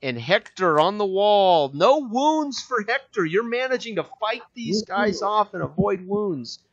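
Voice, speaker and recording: A man's voice: high voice, expressive, a bit bright. A man running a tabletop game as game master, talking casually with frequent fillers and restarts. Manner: chatty, halting with many fillers. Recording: dull lo-fi mic.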